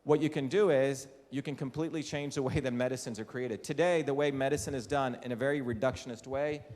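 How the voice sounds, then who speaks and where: A man's voice: medium pitch, fairly even intonation, fast talker, darkish tone. A man from India giving a public lecture to a live audience, speaking emphatically and often putting rhetorical questions to the room. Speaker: invited lecturer. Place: lecture hall. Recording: reverberant hall.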